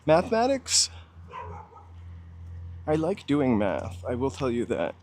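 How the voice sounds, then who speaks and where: A man's voice: medium pitch, sing-song, normal speed, dark tone, a little hiss or hum. Chatty American man musing on a walk. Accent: General American. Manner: chatty, musing aloud, answering viewers' chat. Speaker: walking tour livestream host. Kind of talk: casual livestream chat. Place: outdoors on a city street while walking.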